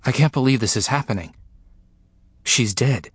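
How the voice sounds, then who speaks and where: A man reading a first-person memoir aloud, in a slow, grave, repetitive delivery. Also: mid-range voice, slightly rough, dry recording. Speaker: narrator.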